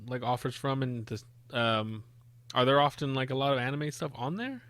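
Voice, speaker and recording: A man's voice: medium pitch, normal speed, fairly bright tone, dry recording. A man co-hosting a podcast, chatting casually and encouraging his friend with short comments. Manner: easygoing, encouraging, short interjections. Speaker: podcast co-host. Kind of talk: casual chat.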